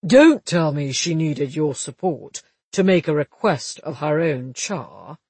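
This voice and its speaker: A man reading as a wry, husky police detective. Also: a little high, sing-song, darkish tone, no echo, exaggerated voice. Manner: measured, wry, matter-of-fact. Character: shrewd, dry-humoured male police detective. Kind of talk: audiobook dialogue reading.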